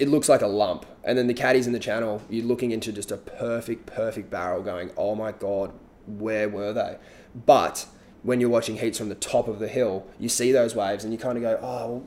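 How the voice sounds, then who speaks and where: A man chatting casually about competition surfing, relaxed and rambling, with frequent restarts. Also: mid-range voice. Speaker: surf analyst guest. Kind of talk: casual podcast chat.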